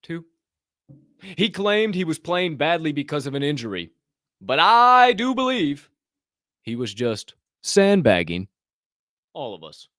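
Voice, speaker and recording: A man's voice: on the high side, sing-song, a little slow, pauses often, fairly bright tone, no room sound, clean studio sound. A man hosting a podcast, joking and swearing casually, laughing at his own bits. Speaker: podcast host. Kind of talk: casual chat.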